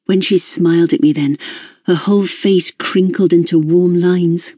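A woman narrating a first-person audiobook in a measured, introspective way. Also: fairly low pitch, steady tone, dark tone, breathy edge, no room sound, clean studio sound.

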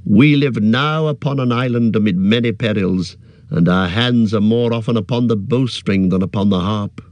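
A man's voice: on the low side, darkish tone, no room sound, highs cut off, close to an everyday voice. A man reading aloud and voicing a stern, noble male elf guard leader who speaks formally and evenly. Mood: solemn. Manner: formal, measured.

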